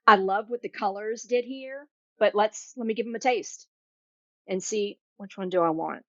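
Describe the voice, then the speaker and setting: A woman's voice: medium pitch, normal speed, dry recording, dull audio. A woman hosting a live cooking demo, chatty and enthusiastic, tasting food as she talks. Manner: chatty and enthusiastic, tastes while talking. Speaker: cooking show host.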